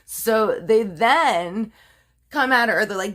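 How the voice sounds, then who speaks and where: A woman's voice: a little high, slow, a bit bright. A woman tells a true crime story in a loose, conversational way, stacking fillers and side comments. She leans into the drama of her own telling and chuckles at it. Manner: chatty, full of fillers and asides.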